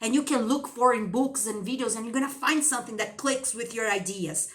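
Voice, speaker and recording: A woman's voice: fairly high pitch, a little fast. A woman teacher giving an impassioned motivational monologue to her channel's viewers, piling up rhetorical questions and calling them darling and baby. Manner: addresses viewers with endearments.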